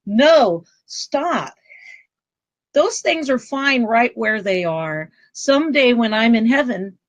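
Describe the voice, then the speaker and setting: A middle-aged woman with a fairly high voice tells a personal story as a guest, bringing it to life by acting out what people said and now and then breaking into loud bursts. Her voice sounds close and dry, with no room around it. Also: no room sound, lo-fi sound. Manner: animated, acts out quoted speech with sudden loud outbursts. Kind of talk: conversational storytelling. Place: travel trailer.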